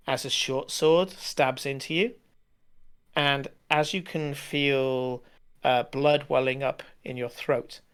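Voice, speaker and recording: A man narrating as game master, halting with frequent fillers as he describes scenes. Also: on the high side, a bit bright, smooth.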